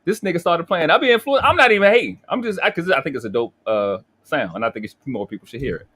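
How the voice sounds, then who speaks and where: A man's voice: on the high side, expressive, fast talker, fairly bright tone, husky. A man in his forties from Baltimore with a Baltimore accent, hosting a livestream in a profane, boastful, confrontational casual rant. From Baltimore, USA. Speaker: livestream host.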